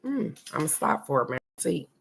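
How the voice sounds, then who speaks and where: A woman's voice: low voice, big pitch swings, brisk, vocal fry, slightly rough. A middle-aged woman host gives casual spoken advice in a blunt, preachy way and swears freely.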